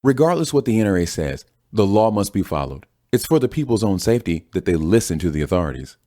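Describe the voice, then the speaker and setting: A man doing a firm, deep-voiced lawyer. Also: big pitch swings, fast, dark tone, dry recording, clean studio sound. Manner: firm, matter-of-fact. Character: stern male lawyer pundit.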